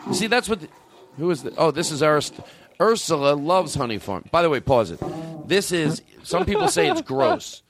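A man hosting a comedy podcast, telling rambling, profane, excitable stories in casual chat. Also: a little high, moderate pace. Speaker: podcast host.

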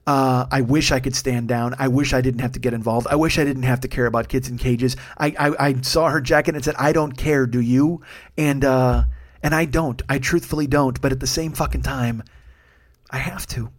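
A man's voice: mid-range voice, fairly even intonation. A man in his forties, a comedian hosting his own show, ranting at length with constant swearing and sudden bursts of intensity. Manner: profane, fast ranting with bursts of raised intensity. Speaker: comedian podcast host. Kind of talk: solo comedic rant.

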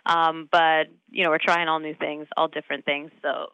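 A woman in her thirties, an actress talking casually in an interview, animated, laughing often and full of fillers. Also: low-pitched, normal speed, clean tone, no echo, phone-quality sound. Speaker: actress guest.

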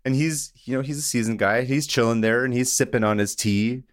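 A man's voice: mid-range voice, brisk, no room sound, studio quality. A young man hosting a casual podcast chat, telling a story in a rambling way with frequent laughs and jokey asides. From Iran. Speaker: podcast host.

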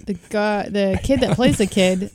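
A woman's voice: medium pitch, a little slow, darkish tone, a little hiss or hum. A woman co-hosting a podcast in casual banter, chatty and opinionated. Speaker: podcast co-host.

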